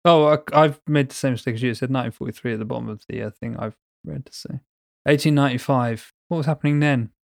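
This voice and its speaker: A man's voice: mid-range voice, fast, vocal fry, no echo. Man, podcast co-host, dry jokey delivery, dead dry recording. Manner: jokey, wry banter. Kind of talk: casual chat.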